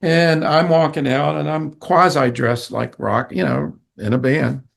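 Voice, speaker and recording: An older man, a musician being interviewed, telling a story in an animated way and acting out the people in it. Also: fairly high pitch, measured pace, gravelly. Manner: animated, vivid storyteller who acts out quoted people. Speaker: guest musician.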